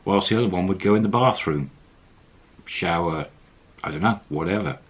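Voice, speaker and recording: Guy telling a story, low husky voice, rambly and chatty. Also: normal speed, lo-fi sound. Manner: rambling, with fillers and laughs. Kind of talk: casual storytelling.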